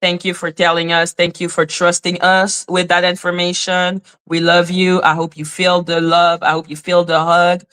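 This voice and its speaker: A woman's voice: on the low side, completely flat delivery, normal speed, hardly any pauses, a bit bright, clean tone. A woman hosting a casual livestream, talking to her chat in an emotional, openly apologetic way and swearing freely. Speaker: livestream host reading chat.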